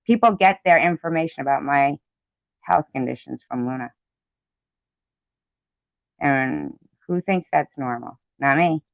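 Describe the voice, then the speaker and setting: On a dull, lo-fi track with no room sound, a male commentary vlogger delivers an indignant, repetitive rant full of swearing. His creaky voice sits fairly high, and he speaks unhurriedly with long pauses.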